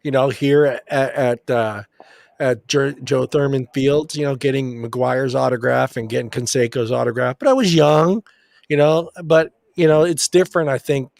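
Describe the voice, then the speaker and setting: A man's voice: medium pitch, steady tone, normal speed, gravelly, darkish tone, dry recording, studio quality. A man co-hosting a casual sports chat show, telling long rambling stories and swearing casually. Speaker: podcast co-host.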